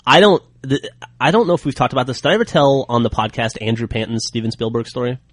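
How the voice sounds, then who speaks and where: A podcast host who tells his anecdote at a brisk, rapid clip in a mid-range voice. He stays animated and chatty throughout, and the sound is close and dry with no room echo. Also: mid-range voice. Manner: animated storyteller, quick and chatty. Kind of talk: casual chat, storytelling.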